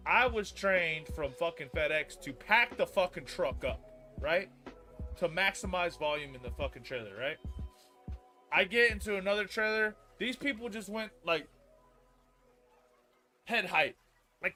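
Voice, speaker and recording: A man in his thirties telling a long work story on a stream, profane and rambling, growing loud and heated as he goes. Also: high-pitched. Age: 30s. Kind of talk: casual storytelling chat.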